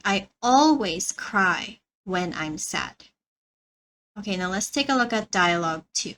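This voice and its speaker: A woman teaching a beginner English lesson, slowly and carefully repeating words for learners. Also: medium pitch, pushed and bright, rough recording.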